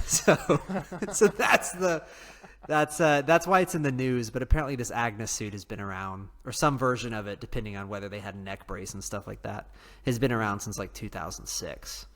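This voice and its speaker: A man's voice: lowish voice, normal speed, a bit bright, long reverb tail. A man co-hosting a podcast in casual chat, rambling and joking, laughing often. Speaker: podcast co-host.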